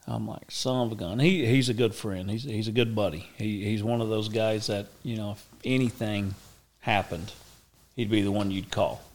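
A middle-aged man spins a long story in a low, easy drawl. He gets animated and acts out the voices of the people in it. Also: normal speed. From Oklahoma, USA. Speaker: interview guest. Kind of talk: casual storytelling.

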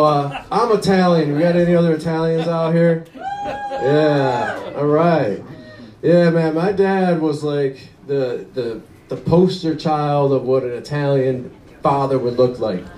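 A man's voice: on the high side, measured pace, a little mellow, echoey room, recorded from a distance, low-quality recording. A young man doing a rambling stand-up comedy set, often laughing at his own jokes.

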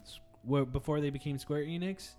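A man's voice: on the high side, brisk, dark tone, faint music behind. A man hosting a podcast, chatting loosely with friends and swearing often. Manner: loose, swearing, laughing banter. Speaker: podcast host. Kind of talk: casual podcast chat.

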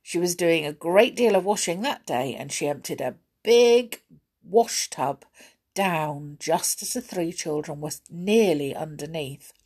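A woman reading a children's storybook aloud in a gentle, soft-spoken way, dropping to a whisper now and then. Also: deep voice, animated, unhurried, breathy edge. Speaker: storybook reader.

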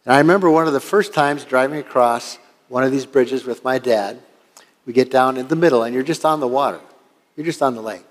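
A man's voice: medium pitch, a little fast, long reverb tail. An older man, a pastor from Washington State, preaching a sermon and telling a story in an earnest, conversational way. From Washington State, USA.

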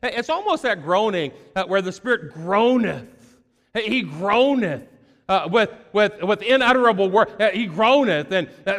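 A man preaching a sermon in an earnest, halting way, full of fillers and repeated words. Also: sits high, animated, a bit bright, in a large hall.

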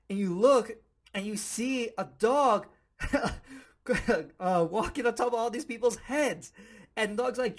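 High-voiced, playful male podcast host. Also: moderate pace. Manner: playful, animated storytelling with frequent chuckles. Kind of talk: casual spoken teaching.

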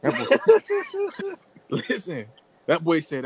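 A man's voice: a little high, slow, background noise. A young man, telling a story in casual chat and laughing often. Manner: storytelling with frequent laughs and slang.

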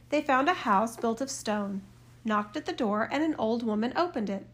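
A woman's voice: fairly high pitch, expressive, normal speed. A woman narrating a fairy tale aloud, giving light voices to its characters. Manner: reads all parts with mild shifts for the characters. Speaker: storyteller.

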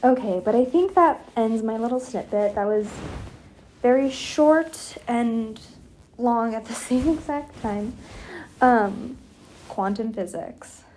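A woman's voice: a little high, slow pace, darkish tone, a little hiss or hum. A woman in her twenties rambling casually to her viewers outdoors, giggling, slipping into whispers, and sounding cold. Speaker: vlogger.

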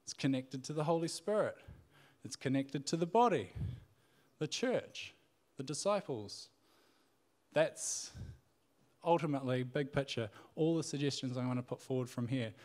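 A man's voice: medium pitch, expressive, moderate pace, a little mellow. A man giving a casual sermon, retelling a Bible story in a conversational way with frequent fillers and restarts. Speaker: preacher.

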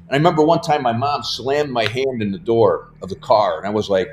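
A man's voice: medium pitch, fast talker, hardly any pauses, noisy background. A man guest casually telling rambling stories at home, laughing as he goes. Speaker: podcast guest. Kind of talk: casual storytelling. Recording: roomy echo.

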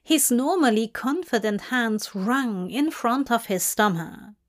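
A woman narrating a fanfic in a slow, measured reading. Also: on the high side, animated. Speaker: fanfic reader. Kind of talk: scripted narration.

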